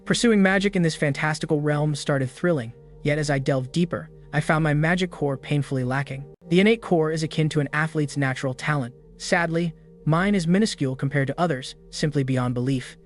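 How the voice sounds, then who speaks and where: A man narrates a fantasy recap in first person, his voice sitting a little high for a man. The delivery is steady and scripted throughout. A faint music bed plays under him. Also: fairly quick. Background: background music.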